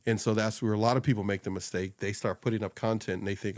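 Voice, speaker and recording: A man co-hosting a casual talk show, rambling and animated, laughing often and putting on voices when he quotes people. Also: on the low side, fast, few pauses, no echo, studio quality. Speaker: podcast co-host and social media coach. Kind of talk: casual chat. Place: small home studio upstairs.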